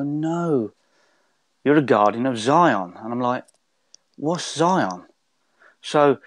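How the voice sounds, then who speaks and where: A man's voice: mid-range voice, no room sound. A man, a guest telling a long spiritual story in a rambling, conversational way with many restarts.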